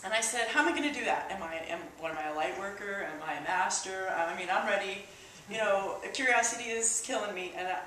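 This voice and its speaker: Woman, mid-pitched, emotional halting testimony, recorded from afar in a very echoey hall. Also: fairly bright tone. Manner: halting and emotional, with frequent restarts and fillers. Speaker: church member sharing a personal testimony. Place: church hall. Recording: echoey hall, distant mic, faint hiss.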